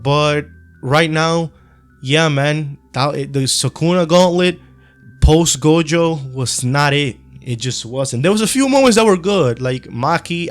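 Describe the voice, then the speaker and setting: A young man with a Spanish accent and a slightly high voice gives a casual opinion monologue as an anime commentary YouTuber. He rambles in a relaxed, slangy way, with frequent ums and self-corrections.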